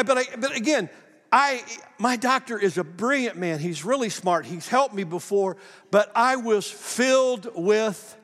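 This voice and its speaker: A man's voice: high voice, a bit bright. A middle-aged male pastor with a lingering cough, preaching in a folksy, self-deprecating way and acting out quoted dialogue in a church sanctuary. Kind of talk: sermon with personal storytelling. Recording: long hall reverb.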